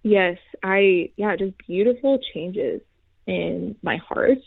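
A young woman in her twenties, a former college athlete, giving an earnest faith testimony as a guest, soft-spoken with many pauses. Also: mid-range voice, gravelly, breathy edge, no room sound. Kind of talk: heartfelt faith testimony in an interview. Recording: tinny phone-like line.

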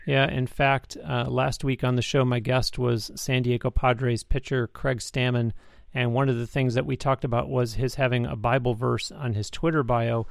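A man's voice: medium pitch, little pitch movement, normal speed, vocal fry, dry recording, clean studio sound. A man hosting an interview show, affirming his guest and recapping her story back to her. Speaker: podcast host.

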